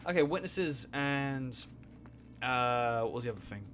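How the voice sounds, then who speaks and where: A man's voice: medium pitch, animated, measured pace, noisy background. A man doing casual let's play commentary, joking and chatty while reading game dialogue aloud.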